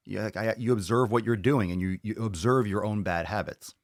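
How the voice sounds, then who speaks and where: Brief: male podcast host, lowish voice, dry close sound, profane and hyped. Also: brisk, hardly any pauses, no echo. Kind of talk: casual live podcast chat.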